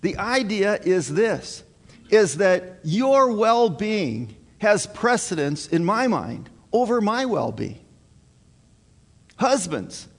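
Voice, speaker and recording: A male pastor preaching a sermon to his congregation in an earnest, emphatic way, repeating his key points. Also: high voice. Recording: long hall reverb.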